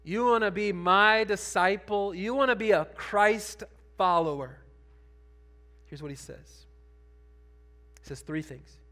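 A man pastor preaching a sermon, conversational at times and building to emphatic, animated preaching. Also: high-pitched, takes it slowly, long pauses.

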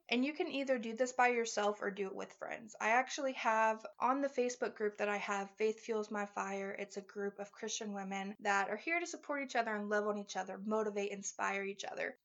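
A woman's voice: medium pitch, muffled recording. A woman hosting a faith podcast, talking in an earnest, encouraging and heartfelt way, ending in prayer. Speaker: podcast host.

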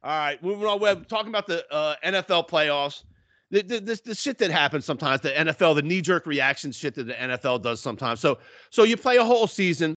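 A man co-hosting a podcast, chatting casually and profanely about football with animated storytelling. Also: on the high side, fast talker, no room sound. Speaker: podcast co-host. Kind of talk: casual sports chat.

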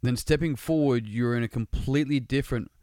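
Man with a smooth, resonant voice; earnest, laid-back talk with some swearing, recorded dry. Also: mid-range voice, brisk, warm tone, no room sound. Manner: earnest, casual, swears freely. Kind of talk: casual motivational monologue.

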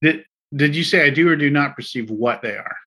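Hesitant bright-voiced male player. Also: fairly high pitch, a little fast, slightly rough. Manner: hesitant, many fillers. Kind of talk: casual tabletop play.

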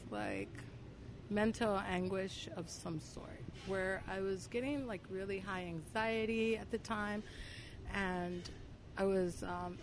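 A woman guest telling a personal story in casual conversation, full of "like" and restarts, getting louder and quicker as she gets excited. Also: mid-range voice, a little hiss or hum. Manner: filler-heavy, talks with 'like', gets louder and faster when excited. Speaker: podcast guest.

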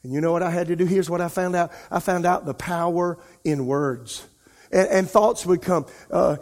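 A male pastor preaching an impassioned sermon, his voice rising and falling in loudness. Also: high voice, moderate pace. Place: church sanctuary. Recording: long reverb of a large church hall.

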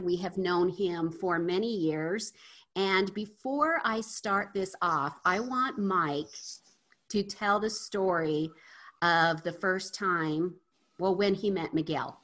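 A woman's voice: on the low side, measured pace, a bit bright. A woman hosting an interview podcast, welcoming and upbeat, now and then searching for the right word. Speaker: podcast host.

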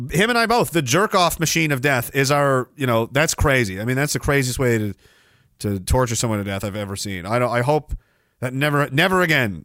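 A man's voice: mid-range voice, a bit bright, no room sound, clean studio sound. A man hosting a podcast, ranting in a sneering, mocking way. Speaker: podcast host. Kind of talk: ranting commentary.

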